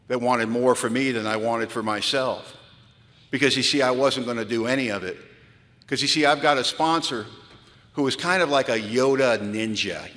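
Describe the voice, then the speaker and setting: Man, humorous storytelling talk, animated, bright forceful voice, long hall echo. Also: mid-range voice. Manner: animated, comic, acts out the voices in his stories. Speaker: recovery speaker. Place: large event hall. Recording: live talk in a reverberant hall.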